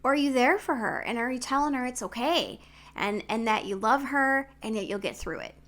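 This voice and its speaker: Bright, forceful woman relationship coach. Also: fairly high pitch, expressive, a little fast. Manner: candid, frank, swears freely. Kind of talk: direct-to-camera advice vlog.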